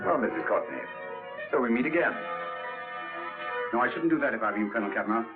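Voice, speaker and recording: A man's voice: mid-range voice, lively intonation, fast talker, natural voice. An actor playing a cool, witty male detective, speaking in a dry, polished, ironic way in 1940s film style. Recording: tinny old film soundtrack with music.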